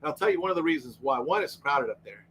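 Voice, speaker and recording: A man's voice: on the high side, lively intonation, quick pace, a bit bright, slight background noise, low-quality recording. A man who used to be a police officer, co-hosting a casual livestream chat and telling rambling stories with a lot of restarts. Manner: rambling storytelling with repeated restarts. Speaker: co-host, former police officer.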